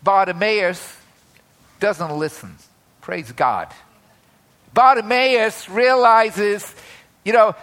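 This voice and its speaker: A man's voice: sits high, expressive, very slow, pauses often, fairly bright tone. A man preaching a sermon, chatty in tone, with frequent asides and tag questions. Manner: conversational, with many filler asides and tag questions.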